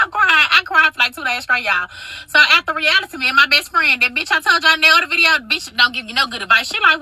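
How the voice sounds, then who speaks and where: Bright, high-voiced young woman storyteller. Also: fast, no echo, poor audio. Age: 20s. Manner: profane, dramatic and animated. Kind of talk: casual storytime monologue.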